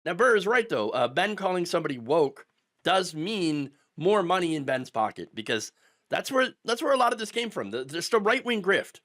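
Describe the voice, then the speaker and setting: A man's voice: sits high, very animated, normal speed, a bit bright. A middle-aged man ranting through political commentary, sarcastic and mocking, sometimes putting on the voices of his opponents.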